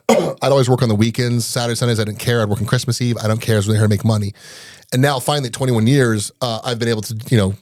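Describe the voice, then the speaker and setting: A man in his forties talks quickly and with lots of energy, telling stories as a podcast guest. He slips into little voices for the people he quotes. The sound is close and dry, with no room echo. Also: mid-range voice. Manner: fast, animated, acts out quoted dialogue. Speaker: guest, business owner. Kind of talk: casual storytelling in an interview.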